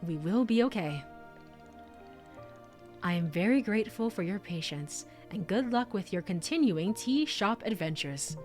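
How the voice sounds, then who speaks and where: A woman voicing a gentle, polite male tea shop keeper from a game, speaking formally and soothingly. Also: mid-range voice, lively intonation, measured pace, faint music behind, natural voice. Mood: reassuring. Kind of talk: reading game dialogue aloud.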